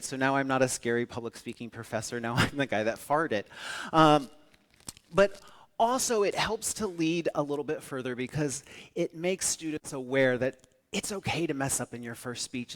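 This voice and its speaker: A man giving a keynote talk, telling stories with lively acted-out quotes. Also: mid-range voice. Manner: animated storytelling with acted-out quotes. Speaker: public speaker.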